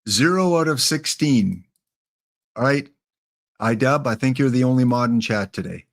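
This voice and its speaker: A man's voice: medium pitch, expressive, normal speed, gravelly. A man hosting a live game stream, chatting casually with viewers by name and reading out the rules.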